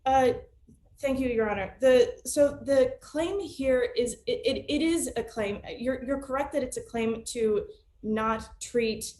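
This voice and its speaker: A woman's voice: high voice, a little slow, a little mellow, roomy sound. A woman attorney arguing an appeal remotely, hesitant with frequent restarts and fillers. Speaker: appellate attorney. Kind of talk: remote oral argument.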